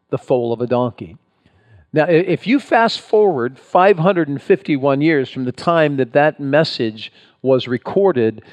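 A male pastor preaching a sermon, reading Scripture aloud and acting out the voices in it with lively pauses and rephrasing. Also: medium pitch. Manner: animated preaching, acts out quoted voices, pausing and rephrasing.

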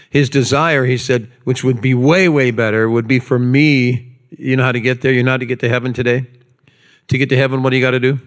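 A man preaching a sermon as pastor, conversational, with repetitions and light humor. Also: mid-range voice.

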